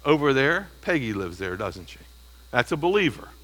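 A man's voice: medium pitch, very animated, normal speed, a bit bright, poor audio. A man preaching an expository sermon, emphatic and teaching, often asking the congregation questions. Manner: emphatic, stresses single words. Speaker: pastor.

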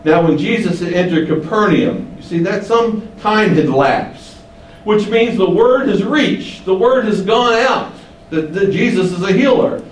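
A man teaching the Bible, explaining and asking rhetorical questions, shifting his pitch for emphasis. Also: lively intonation, a little slow. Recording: echoey room, distant mic, faint hiss.

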